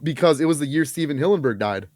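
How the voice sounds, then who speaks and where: A fairly high-voiced man chatting on a podcast, animated and quick to laugh as he tells stories. The sound is dry and close, with no room around it. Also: no echo. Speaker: podcast co-host. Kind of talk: casual chat.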